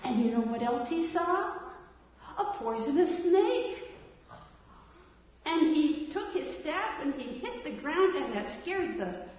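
Slow, high-voiced woman telling a child a story. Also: big pitch swings. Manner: gentle, coaxing, asks the child to join in. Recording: echoey room from far off, dull sound.

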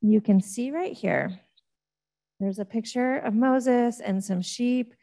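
Slow, gentle woman teaching children. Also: fairly high pitch, creaky. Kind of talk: children's Bible lesson.

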